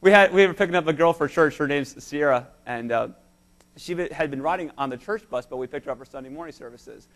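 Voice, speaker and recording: A man's voice: on the high side, fast. A man preaching a sermon in church, speaking emphatically and telling stories to his congregation. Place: church service.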